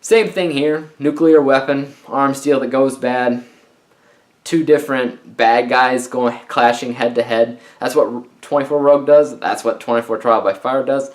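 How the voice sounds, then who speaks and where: A young adult man giving a casual, rambling book review, animated and often exasperated. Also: medium pitch, measured pace.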